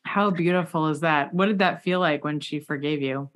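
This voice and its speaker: A woman interviewing a guest, telling a long personal story in a chatty, animated way with many asides. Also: sits low, normal speed, background noise. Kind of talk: casual interview chat.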